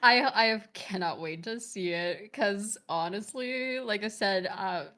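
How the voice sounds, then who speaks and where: A woman's voice: mid-range voice, unhurried, pushed and bright. A woman appearing as a guest on an online talk show, chatting in a bubbly, rambling way and laughing often. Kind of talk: casual chat.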